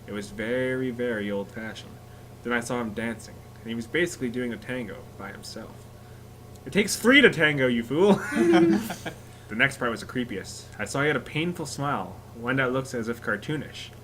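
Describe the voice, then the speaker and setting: A man reads a creepy tale aloud with friends, his pitch leaping around as he goes. He keeps cracking up and breaking off to joke, with a faint hum of noise behind him. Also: very animated, brisk, a bit bright, low-quality recording. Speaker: story reader. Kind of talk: reading a scary story aloud among friends.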